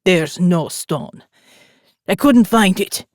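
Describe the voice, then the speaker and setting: Brief: woman doing rough Italian-accented male thug, low, sneering, dry audiobook read. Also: animated, takes it slowly, darkish tone, no room sound. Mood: defiant.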